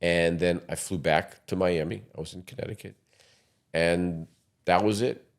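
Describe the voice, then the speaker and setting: A man's voice: sits low, fairly even intonation, normal speed, creaky. A man in his sixties, a podcast guest telling long rambling anecdotes in a casual interview. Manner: rambling anecdotes with quoted voices.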